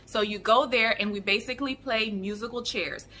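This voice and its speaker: Woman vlogger chatting away, bright sharp voice, kinda high, tells stories animated. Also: normal speed, soft background music. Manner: chatty, animated storytelling with fillers. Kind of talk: casual storytelling vlog.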